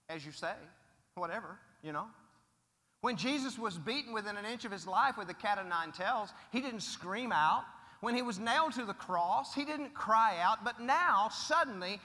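A man's voice: high voice, sharp tone. A middle-aged man preaching a sermon as pastor, emphatic and quizzing his congregation with questions. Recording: echoey hall.

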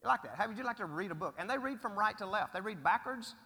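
A man's voice: high voice, expressive, fast, bright, forceful tone. A middle-aged man preaching a sermon as pastor, emphatic and quizzing his congregation with questions. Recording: echoey hall.

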